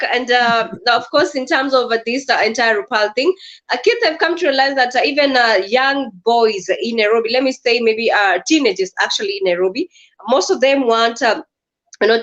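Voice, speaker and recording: Woman, slightly high voice, hesitant, lots of fillers, dull lo-fi video call audio. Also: fairly bright tone. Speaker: guest. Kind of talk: casual discussion.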